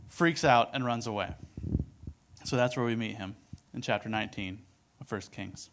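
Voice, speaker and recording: A man teaching from scripture in an easygoing, conversational way, reading passages aloud and then explaining them in his own words. His voice sits at an ordinary middle pitch and he often checks in with his listeners. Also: moderate pace, a bit bright. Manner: conversational, lots of "like" and "right?", reads verses aloud. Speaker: preacher.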